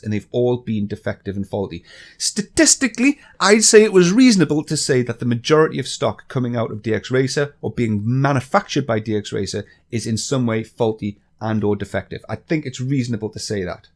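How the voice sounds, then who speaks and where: An English man on a vlog channel, angrily ranting and swearing with exasperation. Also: medium pitch. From England. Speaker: YouTuber.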